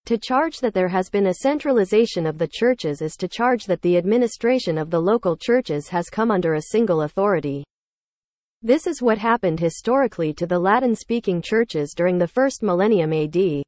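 A woman's voice: mid-range voice, no echo. Woman reading a formal rebuttal aloud. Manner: measured, formal, even delivery. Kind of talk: scripted reading of a written rebuttal.

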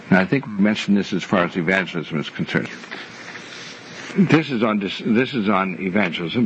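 Older man teaching a Bible class. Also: lowish voice. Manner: measured, repeats key phrases for emphasis. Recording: muffled lo-fi recording with faint hiss.

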